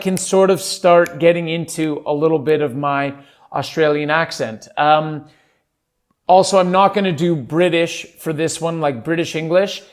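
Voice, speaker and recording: A man hosting a solo podcast, chatting casually in a goofy, rambling, self-amused way. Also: fairly high pitch. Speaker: podcast host.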